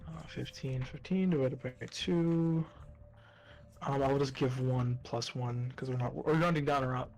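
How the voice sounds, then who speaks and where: A man's voice: medium pitch, fairly even intonation, a little slow, a little mellow, poor audio. A man playing in a tabletop game, chatting casually, grumbling and swearing at his results. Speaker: player. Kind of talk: tabletop game session chat.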